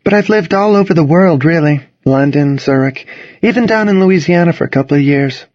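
A woman's voice: deep voice, expressive, brisk, a little mellow, no room sound, pitched above the performer's own voice. A man voicing a poised, worldly teenage girl who stays unbothered. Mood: cool. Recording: dull, dry lo-fi reading.

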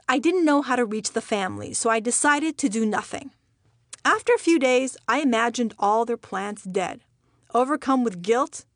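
A woman from Iran narrates her memoir in a somewhat high voice, recounting it with wry, deadpan humor. The recording is close and dry, with no room sound around her. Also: no echo.

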